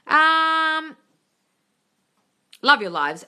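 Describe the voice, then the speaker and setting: A very bright, sharp-toned woman chats through a live Q&A as a manifesting coach, reading out viewer comments. Her pitch swoops up and down, she swears casually and calls everyone darling. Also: brisk. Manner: gushing bursts of excitement.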